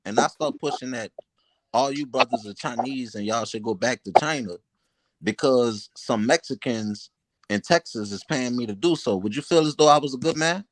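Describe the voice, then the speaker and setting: A man's voice: mid-range voice, normal speed, no echo. A man co-hosting a casual online panel, pressing a guest with pointed questions. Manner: challenging, questioning. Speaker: panel co-host.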